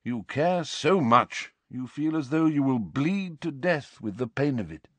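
Narrator doing a serene elderly wizard; slow, soft and steady, lower than his own voice. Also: no room sound. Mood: calm. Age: older. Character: calm, serene old male wizard headmaster.

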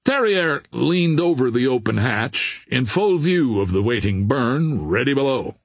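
A male narrator reads an old adventure novel aloud, slow and measured. His voice is husky and mid-pitched, recorded dry and close with no room around it. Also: very animated, no room sound. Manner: measured, unhurried storytelling. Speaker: audiobook narrator.

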